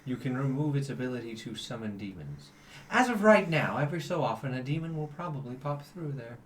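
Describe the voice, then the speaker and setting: A man voicing a solemn celestial guardian statue, speaking in a slow, grave, measured way. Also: mid-range voice, expressive, close to an everyday voice.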